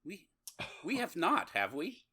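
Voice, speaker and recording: A man's voice: on the high side, wildly swooping pitch, measured pace, sharp tone, slightly rough. A man co-hosting a podcast in casual chat, rambling and laughing often. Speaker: podcast co-host.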